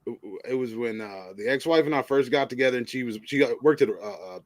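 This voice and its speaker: A man hosting a live stream tells a long story in casual chat, his medium-pitched voice moving fast with no echo. He rambles, stammers, and laughs often along the way.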